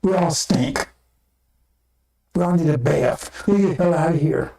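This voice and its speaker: A man's voice: fairly high pitch, a little slow, dark tone. Blunt preacher man, distant and echoey. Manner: blunt, profane and repetitive, addressing the congregation. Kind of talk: sermon.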